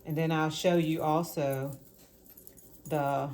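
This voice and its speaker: Low-voiced woman chatting while cooking. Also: steady tone, slow, darkish tone. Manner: rambling, repeats words for emphasis. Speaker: home cook vlogger. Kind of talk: casual cooking vlog chat. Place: home kitchen.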